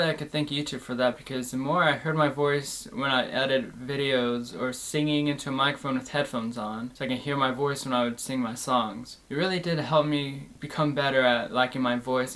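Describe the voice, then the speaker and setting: A man's voice: mid-range voice, fairly bright tone. Earnest young man, plain-spoken host. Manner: earnest, reflective, plain-spoken with loose run-on phrasing. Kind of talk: candid personal monologue.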